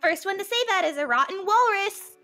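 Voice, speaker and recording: A woman's voice: very high-pitched, animated, brisk, pushed and bright, soft background music, pitched above the performer's own voice, exaggerated voice. A woman voicing a cheeky third-grade kid eager to play tag, reading game lines aloud in a playful, teasing manner. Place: home setup on a live stream.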